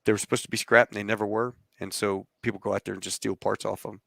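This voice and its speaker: A man's voice: lowish voice, level tone, fast, vocal fry, fairly bright tone, no echo, studio quality. A man hosting a podcast, telling an anecdote in a casual way and acting out the quoted voices. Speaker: podcast host. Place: lives in Texas.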